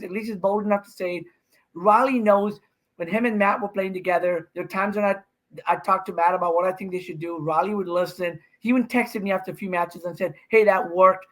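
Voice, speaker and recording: A man in his fifties, a podcast guest, telling an animated story and acting out what he said in a raised voice. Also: sits high. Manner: excited, acts out his own quotes with raised voice. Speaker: guest, professional pickleball player.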